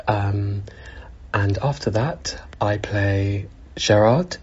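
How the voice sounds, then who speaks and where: A male stage actor calmly lists his costumes, slow and full of small fillers. His voice is husky, and the recording sounds dull and lo-fi. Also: fairly low pitch. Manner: unhurried, with many fillers. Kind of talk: introducing his costumes to an audience.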